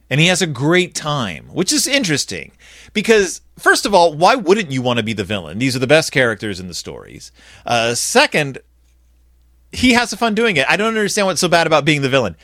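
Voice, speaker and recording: Guy doing a goofy kids' book review, bouncy and animated, bright voice, dry close sound. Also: on the high side, normal speed, dry recording. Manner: animated, sarcastic, acts out quoted lines in flat voices. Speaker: podcast host reviewing a children's book.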